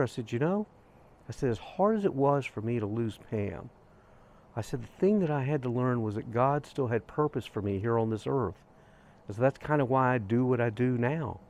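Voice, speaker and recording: An earnest middle-aged man from the United States tells a personal story at an ordinary speaking pitch. He talks in a reflective monologue, repeats words for rhythm and retells his side of a conversation line by line. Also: darkish tone. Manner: earnest, repetitive phrasing, retells dialogue with "I said". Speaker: host of a grief channel.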